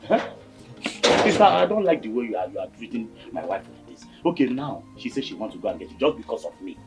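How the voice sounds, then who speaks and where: A Nigerian man acting as a husband and brother, pleading with his family to calm down. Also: mid-range voice, fast talker, soft background music. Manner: pleading, soothing, then exasperated. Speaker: husband and brother trying to make peace. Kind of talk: Nollywood film acting.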